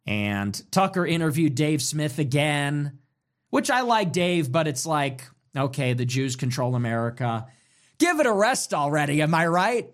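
A man's voice: on the high side, sing-song, a little slow. A man hosting a livestream, reacting to viewer messages in casual commentary. He talks in a sarcastic, rambling way and laughs often. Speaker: livestream host.

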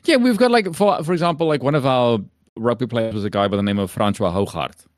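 A man's voice: mid-range voice, quick pace, dry recording, studio quality. A young man from South Africa with an Afrikaans accent, chatting casually on a livestream and explaining things between laughs. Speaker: stream co-host.

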